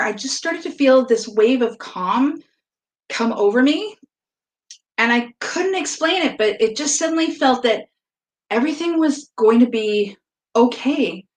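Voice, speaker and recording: A woman with a somewhat high voice performs a first-person story for an audience. She talks fast and breathlessly when describing panic, stammers when reliving the moment at the mic, and slows into soft, earnest reflection. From from outside the country of the event.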